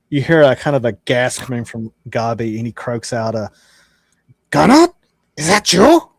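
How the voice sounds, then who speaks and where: A man's voice: medium pitch, a little mellow, no echo, clean studio sound. A man narrating a tabletop game as game master in a casual way, with many fillers and restarts.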